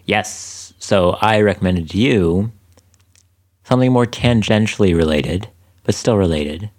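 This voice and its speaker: Podcast co-host, male, very low voice, playful and jokey, casual delivery. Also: measured pace, darkish tone. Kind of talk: casual chat.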